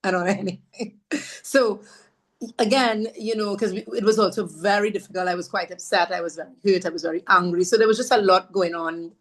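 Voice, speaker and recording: A woman from Trinidad, a podcast guest telling her story in an animated, self-mocking way. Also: medium pitch, brisk. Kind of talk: storytelling conversation.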